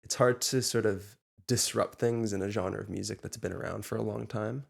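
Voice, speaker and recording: A young man in casual conversation with his father, speaking in a low, gravelly voice. He agrees readily with a stream of quick yeahs. When he explains his views, his sentences loosen and ramble. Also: steady tone. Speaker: son co-hosting a reaction. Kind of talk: casual reaction chat.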